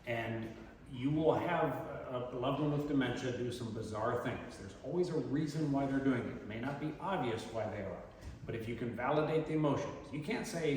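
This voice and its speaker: A man giving a community talk on dementia care, animated and acting out quoted voices. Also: mid-range voice, fairly quick, a little hiss or hum. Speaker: presenter. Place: community meeting room. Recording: echoey hall from far off.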